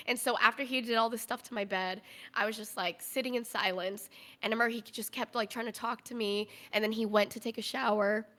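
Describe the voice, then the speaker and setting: A woman's voice: fairly high pitch, sharp tone. A young woman, a podcast guest, telling a candid personal story in a conversational way, full of "like" fillers.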